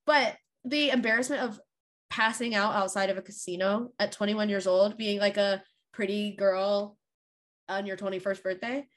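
A woman's voice: medium pitch, fairly bright tone. A woman co-hosting a podcast, telling her own stories in candid, self-deprecating casual chat. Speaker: podcast co-host.

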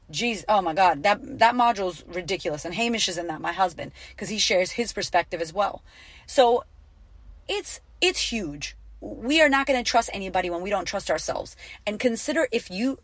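A woman hosting a podcast as a life coach speaks in a mid-range voice on a dry recording. Her casual motivational talk is blunt, profane, and emphatic, and she repeats lines for punch.

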